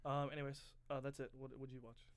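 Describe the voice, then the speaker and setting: A man's voice: medium pitch, flat delivery, fast, clear, resonant tone, no echo. Chatty young man, rambling, dry sound. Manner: rambling storyteller, acts out movie quotes loudly. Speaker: podcast co-host. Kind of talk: casual chat.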